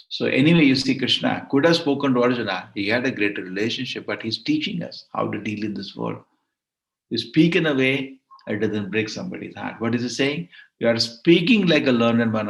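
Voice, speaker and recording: A man's voice: fairly low pitch, creaky, a bit bright. A man teaching a devotional scripture class, speaking emphatically and repeating phrases for stress over an online call. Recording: roomy echo.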